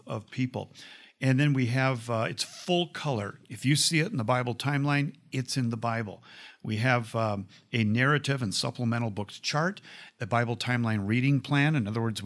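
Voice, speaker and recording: A man hosting a show, talking with excitement about a book he is holding, with frequent restarts. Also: medium pitch. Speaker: host. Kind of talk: casual enthusiastic product talk.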